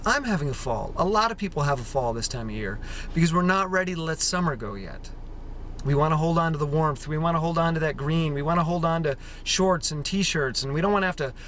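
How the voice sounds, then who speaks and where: A man's voice: on the high side, lively intonation, brisk, fairly bright tone, slight background noise. A man hosting his own vlog outdoors, talking in a playful, theatrical way and acting out other people's voices. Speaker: vlog host, raw-food runner. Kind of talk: casual outdoor vlog monologue. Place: outdoors among autumn trees.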